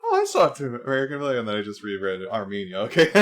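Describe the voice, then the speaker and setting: A man's voice: mid-range voice, huge pitch swings, fast talker. A man streaming live, chatting casually, musing aloud and laughing often as he goes.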